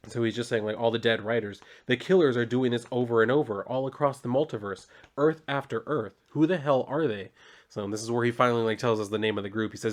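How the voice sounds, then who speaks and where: A man recapping a comic issue in a loose, casual way, full of fillers and the odd swear word. His pitch sits in the middle of the range. He talks like someone chatting through the pages. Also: fairly even intonation, fast talker. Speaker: comic book reviewer.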